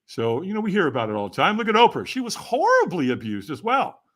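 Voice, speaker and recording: An older man speaking as a podcast guest, his voice bright and forward. He swings widely in pitch as he tells lively anecdotes and laughs through them. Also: fast. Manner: animated, laughs while telling anecdotes. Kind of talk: casual interview storytelling.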